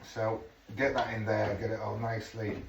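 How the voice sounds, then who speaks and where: A man's voice: lowish voice, flat delivery, normal speed, vocal fry. A middle-aged man chatting casually as he cooks at home, swearing under his breath now and then. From England. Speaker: home cook. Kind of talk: casual cooking vlog chat. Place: home kitchen. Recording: echoey kitchen, far from mic, noisy.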